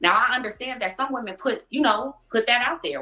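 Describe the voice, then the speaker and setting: A woman's voice: on the high side, animated, brisk, sharp tone, poor audio. A woman speaking candidly and emphatically in a casual discussion.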